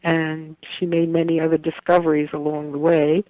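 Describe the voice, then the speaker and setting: An older woman author being interviewed, chatting casually with frequent laughter and halting restarts. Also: low voice, flat delivery, dry recording. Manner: laughs often while talking, halting restarts. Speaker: author guest. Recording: dull lo-fi remote line.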